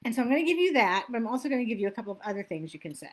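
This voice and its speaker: A woman's voice: on the high side, very animated, very fast. A middle-aged woman coaching self-help in a casual teaching talk, chatty and laughing at herself when she loses her place.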